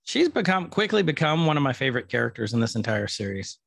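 A man's voice: medium pitch, sing-song, fast talker, gravelly, fairly bright tone, dry recording, studio quality. Man co-hosting a playful chat podcast. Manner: playful, jokey, retells scenes. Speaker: podcast co-host recapping a TV episode. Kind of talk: casual chat.

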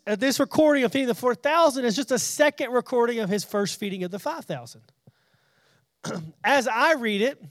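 A man's voice: high-pitched, no room sound, studio quality. A man preaching a casual Bible study, talking conversationally, often repeating and restarting words, and paraphrasing scripture in everyday speech.

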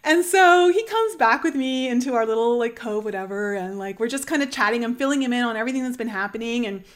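A young woman with a bright, high voice tells a deeply personal story in an earnest, animated way. She leans on casual fillers and lets her emotion show as she talks. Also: fast talker. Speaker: channel host sharing a personal story.

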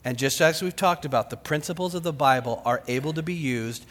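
A man preaching a sermon, dramatic, swinging from shouts to whispers. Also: fairly high pitch, fairly quick. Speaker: pastor. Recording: long hall reverb.

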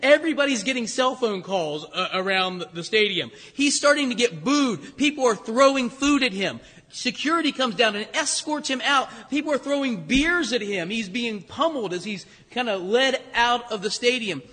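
Male pastor, bright husky voice, lively storytelling sermon in a reverberant church hall. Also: very high-pitched, moderate pace. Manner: animated storytelling, conversational asides. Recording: echoey hall with long reverb.

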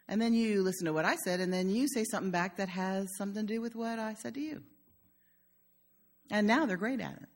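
A woman's voice: medium pitch, a little fast. An older woman pastor giving a conversational sermon in a church, telling stories with humor. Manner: warm storytelling with humor.

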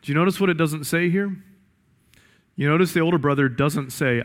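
A man's voice: on the high side, a little fast. A male pastor preaching a sermon in an emphatic style with lots of repetition. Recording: echoey hall reverb.

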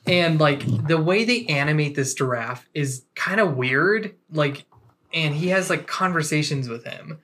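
A woman's voice: low-pitched, a little slow, slight background noise. A woman co-hosting a casual podcast, speaking loosely with lots of "like". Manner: relaxed, heavy use of "like". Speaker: podcast co-host. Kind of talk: casual chat.

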